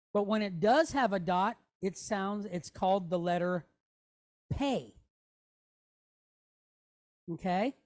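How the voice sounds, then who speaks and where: A woman teaches in an unhurried, steady way, taking each point slowly. She breaks things down step by step and says sounds out loud to demonstrate. She keeps checking in with her listeners as she goes. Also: medium pitch. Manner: patient, explains step by step, checks in with "okay?". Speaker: Hebrew teacher. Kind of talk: classroom teaching.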